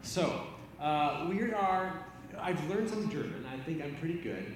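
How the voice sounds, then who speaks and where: A man from the United States, a missionary guest, telling an embarrassing funny story in an expressive, self-deprecating way. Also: on the high side, measured pace. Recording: echoey hall from far off, noisy.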